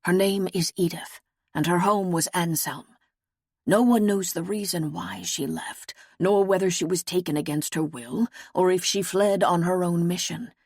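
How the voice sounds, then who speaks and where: A man's voice: high voice, fairly even intonation, normal speed, no echo, studio quality. A woman narrator voicing an earnest male knight who is searching for his lost wife, speaking in a grave, formal, pleading way. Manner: grave, pleading, formal old-fashioned speech.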